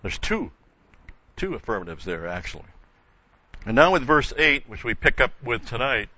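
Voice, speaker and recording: A man's voice: medium pitch, big pitch swings, moderate pace, sharp tone, muffled recording. An older man teaching a verse-by-verse Bible study, explaining carefully with frequent restarts and emphatic repetition.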